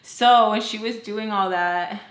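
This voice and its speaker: A young woman telling a personal story to her viewers in a chatty, animated way, full of fillers and acted-out quotes. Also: medium pitch, unhurried, roomy sound. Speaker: storytime vlogger. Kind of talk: casual storytelling.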